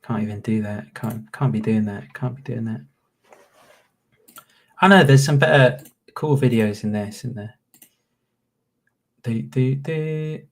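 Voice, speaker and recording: A man's voice: on the low side, steady tone, normal speed, gravelly. A man in his late twenties with a Northern English accent, rambling and swearing through casual reaction commentary. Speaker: YouTuber.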